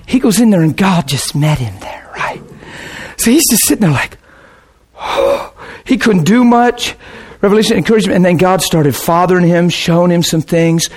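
A pastor preaches to his congregation in a chatty, rambling storytelling way. His voice is slightly higher than most men's, and it swings from quiet low asides to excited, raised bursts. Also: breathy edge. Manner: casual, rambling, with restarts and laughter. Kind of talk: sermon storytelling.

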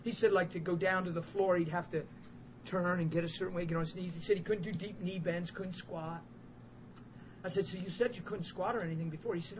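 At a church service, a man preaches a sermon built around a story, his animated, emphatic delivery swelling into loud outbursts and breaking into chuckles. His voice sits high and runs a little fast. The recording is muffled, with faint background hiss.

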